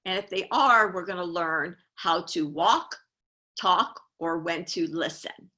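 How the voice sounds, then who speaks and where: Bright-voiced woman coaching with emphasis. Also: fairly low pitch, slow. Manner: earnest, emphatic, repeats key phrases. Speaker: life coach, show host. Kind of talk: motivational coaching talk.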